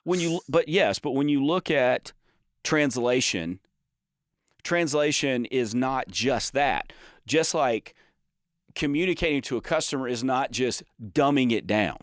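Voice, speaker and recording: A man's voice: medium pitch, lively intonation, unhurried, dry recording, clean studio sound. A man co-hosting a podcast about the trades, explaining his points emphatically with examples and frequent restarts in casual chat. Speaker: podcast co-host.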